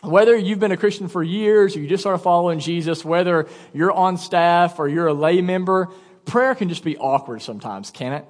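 A man in his thirties preaching a sermon as pastor, telling a story with quick asides and lively energy. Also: high voice, in a large hall. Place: church auditorium.

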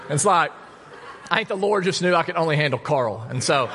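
A male pastor preaching a sermon, telling a story with lively asides and jokes. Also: a little high, a little fast, background noise. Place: church.

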